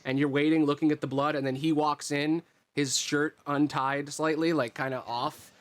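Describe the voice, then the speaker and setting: A man's voice: a little high, level tone, normal speed. A young man casually narrating a tabletop game as game master, with a loose, swearing, laid-back delivery.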